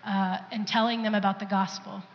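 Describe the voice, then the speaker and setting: A woman's voice: medium pitch, flat delivery, brisk, in a large hall, dull audio. A woman sharing an earnest testimony in a church service, now and then acting out the voices of people she quotes. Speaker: pastor's wife sharing testimony. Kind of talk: sermon testimony.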